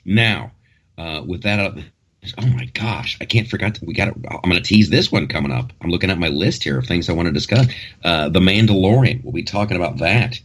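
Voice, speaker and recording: A man's voice: deep voice, animated, fairly quick, a bit bright, breathy edge. A man hosting a casual comedic talk show, rambling and joking with frequent restarts.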